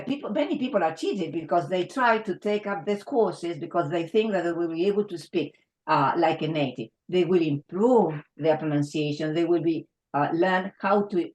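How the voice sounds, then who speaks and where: A woman's voice: fairly low pitch, lively intonation, normal speed, rough recording. A woman with an Argentinian Spanish accent, a native Spanish speaker and English teacher, talking earnestly and emphatically in a round table discussion with frequent restarts.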